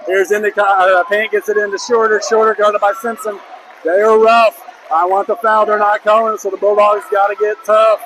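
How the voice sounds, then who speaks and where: A male play-by-play commentator calls a high school basketball game at normal speed, excitable and openly rooting for the home team, shouting on big plays. A noisy gym crowd is audible behind him.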